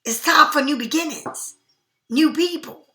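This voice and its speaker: A woman giving a casual, chatty tarot reading in an animated, slangy way. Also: high voice, measured pace, reverberant, background noise. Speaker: tarot reader.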